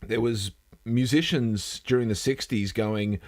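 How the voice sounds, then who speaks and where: A man's voice: fairly low pitch, moderate pace, few pauses, a little mellow. A man hosting a casual live news stream from a home setup, rambling and self-deprecating, trailing off and restarting as he goes. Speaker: host.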